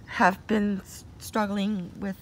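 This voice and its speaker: A woman's voice: medium pitch, flat delivery, slow. A woman in her sixties telling a personal story in a meandering way that keeps circling back. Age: 60s. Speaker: vlogger.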